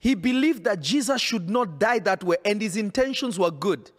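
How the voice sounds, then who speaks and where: A man's voice: high-pitched, expressive, moderate pace. A man preaching a sermon in an emphatic, insistent way, often repeating his phrases.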